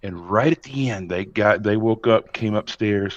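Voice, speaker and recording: A man co-hosting a sports podcast in casual chat, telling animated stories with chuckles. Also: lowish voice, moderate pace, hardly any pauses. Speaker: podcast co-host. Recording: slightly dull, muffled sound.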